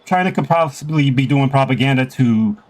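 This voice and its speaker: A man's voice: medium pitch, expressive, fairly quick, darkish tone. A man co-hosting a podcast in casual chat, blunt and incredulous, with heavy profanity. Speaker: podcast co-host.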